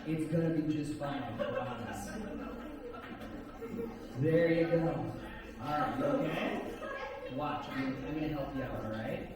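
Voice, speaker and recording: A man working a stage hypnosis show with slow, repeating, soothing patter and playful teasing. His voice sits a little high for a man. It comes from far off the mic in a reverberant hall with a crowd audible behind him. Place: stage at a campground event. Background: audience laughing.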